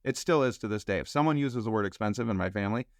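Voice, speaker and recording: A man telling a personal story as a podcast guest, acting out the quoted dialogue with lively shifts in voice. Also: fairly low pitch, rapid-fire, no room sound, clean studio sound. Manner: animated storyteller who acts out quoted dialogue.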